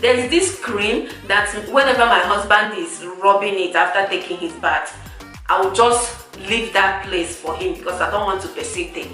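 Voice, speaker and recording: A young woman, chatting casually to her viewers, animated and laughing often, repeating words for emphasis. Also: mid-range voice, moderate pace. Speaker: vlogger. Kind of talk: casual chat to camera. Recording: roomy echo, far from the mic, faint music.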